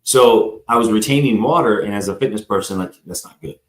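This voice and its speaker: A man's voice: on the low side, fairly quick. A man who is a guest on a live talk show, telling a long personal story in a rambling way, acting out the people in it and often addressing the host by name. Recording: roomy echo.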